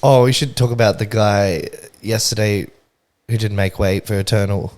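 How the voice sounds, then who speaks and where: A man's voice: fairly low pitch, fairly even intonation, moderate pace, darkish tone. A young man co-hosting a podcast, chatting easily and steering the talk to new topics. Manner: easygoing, prompting topics. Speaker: podcast co-host. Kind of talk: casual chat.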